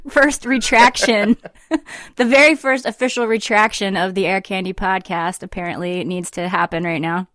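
A young woman co-hosting a casual podcast at a mid pitch, chatty and easygoing with frequent giggles. Her voice is close and dry, with no room echo. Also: steady tone, moderate pace, a bit bright. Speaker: podcast co-host. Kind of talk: casual chat.

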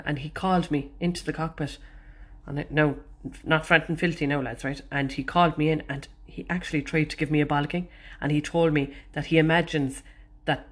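A woman from Ireland with a Cork accent, hosting a podcast and telling stories in a chatty, self-mocking way that is full of swearing. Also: deep voice. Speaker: podcast host. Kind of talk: casual storytelling monologue.

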